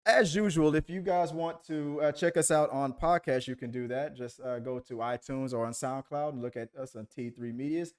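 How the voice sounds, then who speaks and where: A man's voice: mid-range voice, fairly even intonation, moderate pace, hardly any pauses, a little mellow. A man co-hosting a podcast over a video call, telling stories in a rambling, self-deprecating way with lots of restarts. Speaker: podcast co-host. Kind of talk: casual chat.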